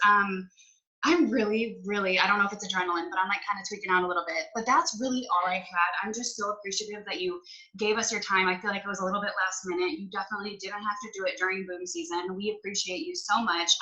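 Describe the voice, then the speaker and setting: A woman's voice: medium pitch, fairly even intonation, quick pace, sharp tone, poor audio. A woman hosting a live-stream interview who talks in a bubbly, gushing way with lots of fillers. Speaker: host.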